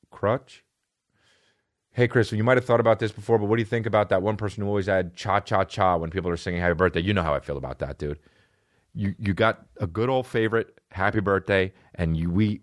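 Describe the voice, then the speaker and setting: With a low voice and a fairly quick delivery, a thirties-aged man hosts a comedy podcast, ranting loosely with plenty of swearing and mock impressions of others. The sound is clean studio audio without echo.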